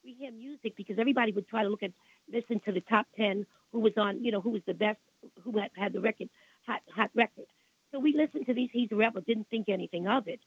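Fast and slightly rough, this mid-range voice belongs to an older Brooklyn-accented woman storytelling as a radio interview guest. She rambles, repeats herself and grows indignant about the past; the tinny phone line carries no echo.

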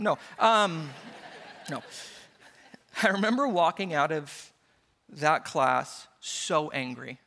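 A man's voice: a little high, slow, long pauses, bright, forceful tone. A man preaching a sermon as a pastor, telling stories with playful acted-out quotes. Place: church. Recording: church hall reverb.

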